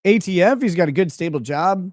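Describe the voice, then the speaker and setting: A man's voice: sits high, fairly quick, dry recording, studio quality. A man giving sarcastic live commentary on a court trial as host of his stream. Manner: animated, sarcastic, mocking.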